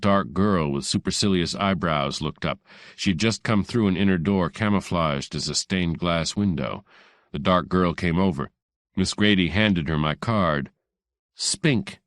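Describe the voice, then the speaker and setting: Deep-voiced male audiobook narrator. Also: no room sound, clean studio sound. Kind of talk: first-person hardboiled narration.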